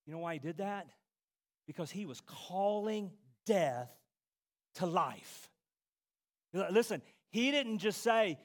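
A man with a high-pitched voice preaching a sermon at an unhurried, deliberate pace. He speaks straight to his congregation and repeats key phrases for weight. His voice moves between hushed, low passages and loud, ringing cries. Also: expressive. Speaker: pastor.

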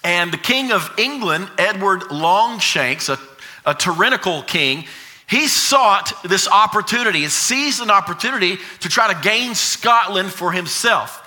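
A pastor preaches to his church, telling the story with energy and often restarting his phrases. His voice is a man's voice and very bright, and it sits somewhat high. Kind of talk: sermon.

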